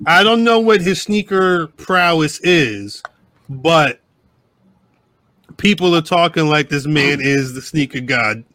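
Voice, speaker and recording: Bright-toned man rambling on a podcast. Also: on the high side, lively intonation, slow pace, no echo. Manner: rambling, profane, restarts often. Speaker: podcast co-host. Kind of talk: casual live podcast chat.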